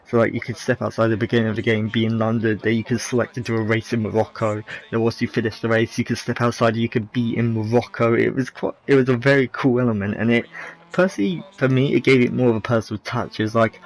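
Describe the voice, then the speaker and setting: A man's voice: medium pitch, fairly even intonation, quick pace, poor audio. A man giving casual, rambling commentary over racing game footage, candid and often correcting himself mid-sentence. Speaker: gaming video creator.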